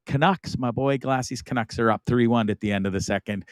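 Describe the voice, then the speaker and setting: A man's voice: mid-range voice, brisk, dry recording. Rambling, upbeat middle-aged man hosting. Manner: rambling, enthusiastic, frequent laughs and asides. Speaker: host of a live online talk show. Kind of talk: casual live-stream chat.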